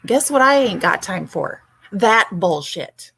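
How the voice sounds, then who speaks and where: A woman's voice: mid-range voice, very animated, slow, gravelly, a bit bright, breathy edge. A woman hosting a livestream, ranting bluntly and sarcastically with frequent swearing. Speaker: livestream host.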